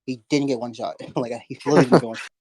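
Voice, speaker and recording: A man's voice: medium pitch, steady tone, very fast, darkish tone, slightly rough. A young man in a casual online debate, insistent and at times mumbling.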